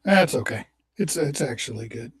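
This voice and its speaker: A man's voice: medium pitch, expressive, normal speed. A cheerful man chatting casually on a talk show. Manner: cheerful, upbeat. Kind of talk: casual chat.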